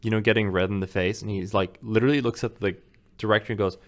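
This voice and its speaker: A man's voice: lowish voice, fairly even intonation, quick pace. A young man telling a story in casual podcast chat, rambling with lots of "like" and acting out quotes. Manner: rambling storyteller, acts out quotes with many fillers. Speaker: podcast co-host.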